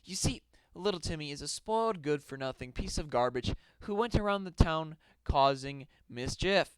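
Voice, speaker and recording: A man's voice: fairly high pitch, lively intonation, normal speed, smooth, dry recording, low-quality recording. A young man reading out a silly story with mock drama and rambling asides.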